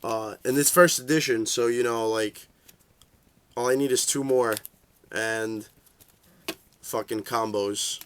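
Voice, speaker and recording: A young man rants casually at medium pitch, swearing freely and padding his sentences with fillers. He rambles from one point to the next in a loose, unscripted way. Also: takes it slowly, long pauses, clean tone. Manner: profane, rambling, full of fillers; shifts into high voices for quoted reactions. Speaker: card game vlogger. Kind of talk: casual rant.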